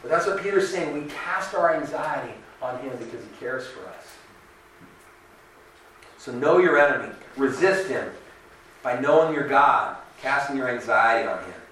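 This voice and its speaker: Bright-voiced male pastor in an echoey hall. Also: medium pitch, normal speed, distant mic, slight background noise. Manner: conversational, animated, acts out quoted voices. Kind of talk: sermon.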